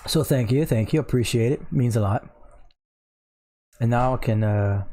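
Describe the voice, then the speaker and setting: A man's voice: medium pitch, normal speed, mellow. A man, hosting a casual crypto live stream, tired from lack of sleep, rambling and laughing. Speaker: crypto livestream host.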